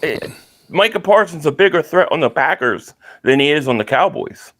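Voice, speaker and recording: A man who is a guest on a sports podcast, arguing his points in a measured, casual way. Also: a little high, animated, a bit bright.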